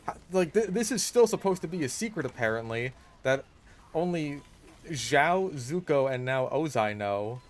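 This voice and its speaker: A man's voice: on the high side, expressive. A man ranting in a voice-over over gameplay. He is exasperated and swears a lot, and often stops and restarts his sentences with "like". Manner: halting, restarts with lots of "like". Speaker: gaming YouTuber.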